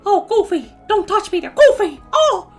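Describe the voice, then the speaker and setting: Woman putting on a squeaky Mickey Mouse. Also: big pitch swings, normal speed, over loud music. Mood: flustered. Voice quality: high squeaky falsetto inflection. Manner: yelping, breathless exclamations. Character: squeaky flustered cartoon male mouse.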